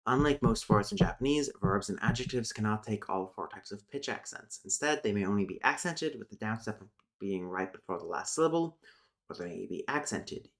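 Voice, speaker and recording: A streamer teaching linguistics reads his notes aloud in a casual live-stream lesson, thinking aloud and breaking off with muttered asides. His voice is lowish and brisk, with lively intonation.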